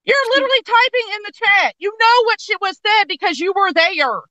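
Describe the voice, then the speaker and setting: A woman with a high, sharp voice rants in an angry, profane stream during a casual chat. Her voice is recorded close and dry, with no room sound. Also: fairly quick, no echo.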